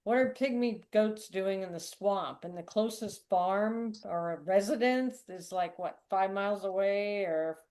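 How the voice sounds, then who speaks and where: Female podcast guest, mid-pitched, chatty and agreeable. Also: a little mellow. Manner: chatty, agreeable, quick affirmations. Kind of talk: casual conversation.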